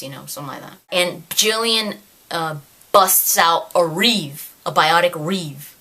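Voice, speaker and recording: A woman giving an animated, exasperated review of a novel in a casual rant, acting out characters' lines along the way. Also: deep voice, moderate pace. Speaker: video creator reviewing a novel. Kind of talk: casual ranting book review.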